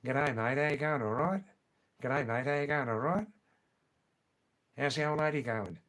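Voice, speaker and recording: A man's voice: medium pitch, moderate pace, fairly bright tone, natural voice. A man putting on a cheeky working-class Australian bloke with a broad Australian accent, teasing with rising questions. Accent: broad Australian put on.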